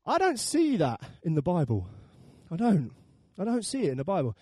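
A man's voice: high voice, sing-song, a little fast, a little mellow, husky, no echo, clean studio sound. A man preaching a sermon, telling the story with animation and acting out the voices.

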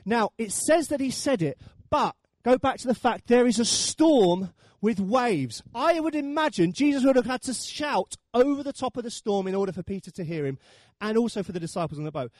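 A man's voice: very high-pitched, lively intonation, moderate pace, darkish tone, dry recording, studio quality. A man preaching a sermon, telling the story with animation and acting out the voices.

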